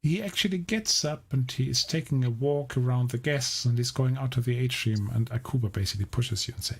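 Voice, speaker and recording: Gravelly, husky game master. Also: male voice, mid-range voice. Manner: measured, explaining, often restarting his sentences. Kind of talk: narrating a tabletop game.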